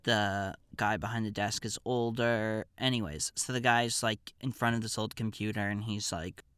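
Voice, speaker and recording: A man's voice: on the low side, fairly even intonation, a little slow, few pauses, pushed and bright, clean tone, dry recording, clean studio sound. A man hosting a podcast, telling a comedic personal story in a wry, digressive, offhand way.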